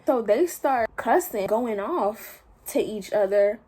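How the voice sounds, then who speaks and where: Young woman telling a storytime, mellow voice. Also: fairly high pitch, takes it slowly, few pauses, breathy edge. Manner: animated retelling with slang and quoted voices. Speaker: storytime vlogger. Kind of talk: casual storytelling.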